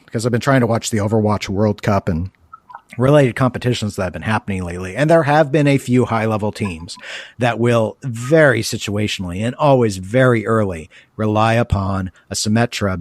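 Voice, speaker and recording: A man's voice: on the low side, no echo. A man with a nasal voice, co-hosting a podcast in loose, chatty, self-mocking talk. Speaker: podcast co-host. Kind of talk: casual podcast chat.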